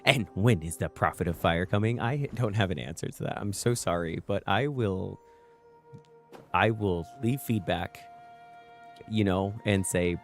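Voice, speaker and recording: A man's voice: low voice, a little slow, creaky, soft background music. A young man streaming casually, rambling playfully and answering chat as he talks about a game. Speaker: livestream guest streamer.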